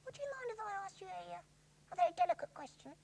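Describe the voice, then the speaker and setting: A man, a ventriloquist, voicing a cheeky, sarcastic boy dummy who backchats with deadpan put-downs. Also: extremely high pitch, quick pace, creaky, pitched above the performer's own voice, full character voice.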